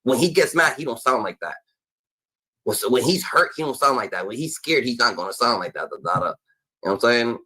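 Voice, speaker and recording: A man's voice: mid-range voice, expressive, brisk, sharp tone, breathy edge, low-quality recording. A man giving casual reaction commentary, rambling and filling gaps with repeated "da, da, da" and stammered starts.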